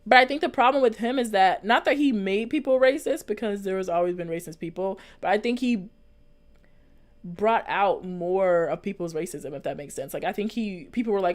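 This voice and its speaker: A young American vlogger with a brisk, mid-range voice chats earnestly and casually, working through live comments from viewers while rambling, restarting and filling pauses often.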